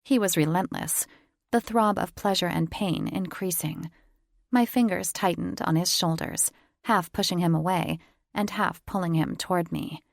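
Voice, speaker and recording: Reading a first-person romance novel at a moderate pace, this woman sounds intimate and teasing. Her slightly low voice has a gravelly fry around the edges, and the close, dry recording carries no room sound.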